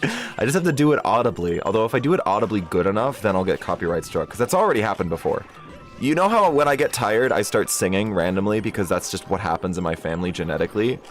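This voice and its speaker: A young man casually commenting while streaming a game, jokey and excitable, breaking into shrieks and laughs. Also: on the low side, fast talker, soft background music. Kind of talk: casual gaming livestream commentary.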